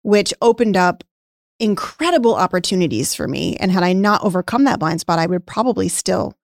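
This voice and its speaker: A woman's voice: lowish voice, lively intonation, brisk, gravelly, dry recording, clean studio sound. A woman co-hosting a casual podcast, candidly telling a personal story and acting out past conversations, getting emotional at times. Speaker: podcast co-host, former nutrition practice owner.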